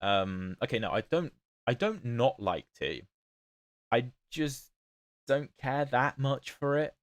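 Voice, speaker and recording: A man's voice: mid-range voice, big pitch swings, takes it slowly, no echo. A man with a British accent, not fully standard, casually commenting on his chess games and answering chat on a livestream. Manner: chatty, answers chat questions while playing. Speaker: chess streamer.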